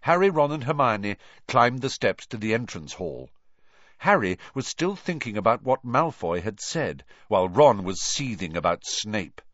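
Man narrator, low voice, animated delivery, dry dull lo-fi recording. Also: a little slow, dry recording. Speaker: audiobook narrator. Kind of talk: audiobook reading.

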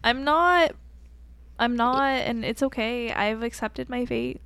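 A woman's voice: on the high side, takes it slowly, fairly bright tone, clear, resonant tone, no room sound. A young woman co-hosting a podcast over a video call, talking casually with wry, self-deprecating humor. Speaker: podcast co-host.

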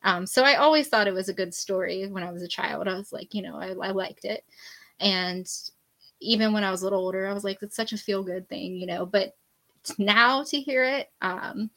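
A woman's voice: medium pitch, a little fast, fairly bright tone, poor audio. Candid woman guest, laughing while talking. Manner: candid, rambling, laughs often while telling stories. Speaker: podcast guest. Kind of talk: casual faith podcast conversation.

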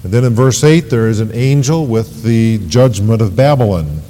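A man's voice: medium pitch, moderate pace, few pauses, mellow. A male pastor preaching an evening sermon, reading scripture aloud with rising, emphatic delivery. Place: church sanctuary. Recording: long hall reverb, church sanctuary.

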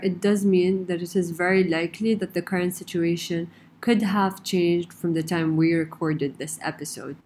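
A woman's voice: fairly low pitch, a little mellow, a little hiss or hum. Woman hosting a policy podcast. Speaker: podcast host. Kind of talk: scripted introduction and interview questions.

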